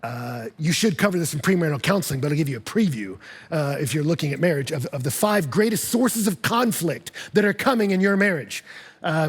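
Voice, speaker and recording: A man preaching a sermon as pastor, lively and humorous, acting out couples' voices. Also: high voice.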